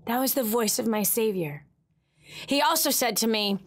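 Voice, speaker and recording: A woman's voice: on the high side, moderate pace. A woman hosting a Christian talk radio show, telling a personal story with emotion and animation.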